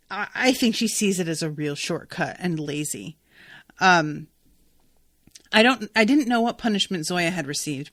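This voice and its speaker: A woman hosting a podcast, recapping a novel in a casual, animated, profane way. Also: low-pitched, no echo, studio quality. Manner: chatty, profane, animated retelling. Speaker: podcast host recapping a book. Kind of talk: casual book recap with read-aloud passages.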